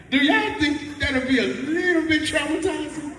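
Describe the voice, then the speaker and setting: High-voiced preacher in an echoey hall. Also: male voice, moderate pace, few pauses, bright, forceful tone, slight background noise. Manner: conversational, folksy, quizzes the audience. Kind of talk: sermon. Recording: echoey hall, mic from far off.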